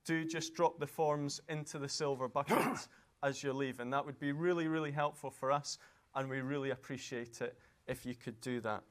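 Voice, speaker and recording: A man's voice: medium pitch, steady tone, moderate pace. A man hosting a live event in a lecture hall, speaking politely and courteously as he introduces and interviews a guest.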